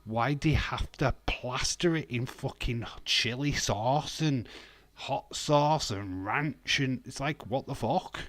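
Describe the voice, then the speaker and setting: Speaking slowly in a mid-range, slightly bright voice, a British wrestling streamer from the UK gives casual live commentary as he watches along. There's plenty of joking, frequent swearing and regular laughter.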